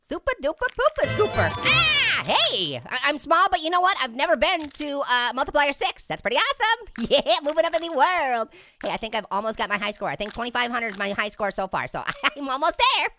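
A squeaky cackling talking orange. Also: male voice, big pitch swings, fairly quick, pushed and bright, a little hiss or hum, full character voice. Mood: manic. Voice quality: squeaky, giggly. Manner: manic punning, constant cackling laughs. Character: hyper, pun-loving talking male orange. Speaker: let's play host. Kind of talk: gameplay commentary. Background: game music.

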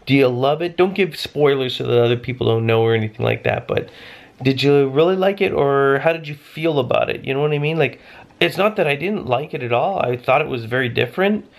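A man's voice: medium pitch, fairly quick, creaky. A tired man from Canada, chatting casually and rambling a little as he hosts his family vlog. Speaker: family vlogger.

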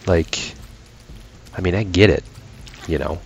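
Deep slow-talking ranting man. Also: gravelly, slight background noise. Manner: ranting, profane, sarcastic asides. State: tired late at night. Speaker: gaming channel host. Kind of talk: casual gameplay commentary.

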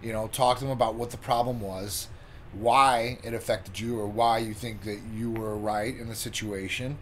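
A man co-hosting a talk show, giving relationship advice in a measured, filler-laden way. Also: fairly low pitch, steady tone, slight background noise. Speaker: co-host, partner of the other host. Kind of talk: casual advice chat.

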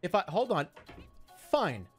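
A man's voice: sits high, wildly swooping pitch, unhurried, soft background music. A man streaming live, talking casually in a rambling, self-mocking way.

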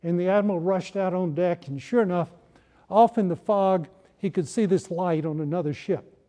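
A man with a high, warm voice lectures to a campus audience. He tells his points as stories, slipping in wry jokes. The tone stays mellow and relaxed. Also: normal speed. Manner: humorous storytelling, wry asides. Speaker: historian giving a lecture.

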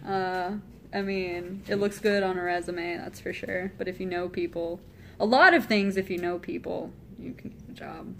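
A woman's voice: lowish voice, fairly even intonation, normal speed, vocal fry, a bit bright, slight background noise. A woman chatting casually and giggling often with friends while streaming from a hotel room. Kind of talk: casual chat.

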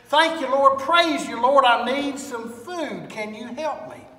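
A man's voice: very high voice, measured pace, bright, forceful tone, full character voice. A preacher doing a fervent old church lady. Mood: pleading. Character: devout little old Christian lady. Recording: echoey hall, far from mic.

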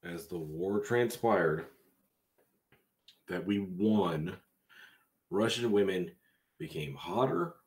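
Deep-voiced streamer joking crudely. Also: male voice, darkish tone. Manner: crude, joking banter with chat. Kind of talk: live game-stream chat.

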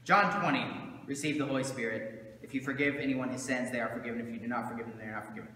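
A man's voice: mid-range voice, fairly even intonation, fast talker, pushed and bright, a little hiss or hum. A man, a pastor, teaching his congregation in a casual, conversational way with many fillers and asides, recorded in a church sanctuary. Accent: Southern American. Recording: roomy church hall with long echo.

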